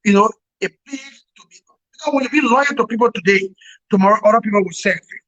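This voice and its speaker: Over a remote call with dull lo-fi sound, a man from Liberia gives a talk show his emphatic political views. He talks fast in a high-pitched, slightly bright voice, repeating words and laughing wryly.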